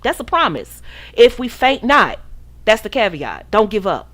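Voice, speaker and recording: A woman's voice: fairly high pitch, very animated, measured pace, fairly bright tone. A woman hosting a livestream podcast, talking straight to her chat in a preachy, direct way, quoting scripture and repeating phrases for emphasis. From United States. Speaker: podcast host and relationship coach. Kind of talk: livestream talk to a chat audience.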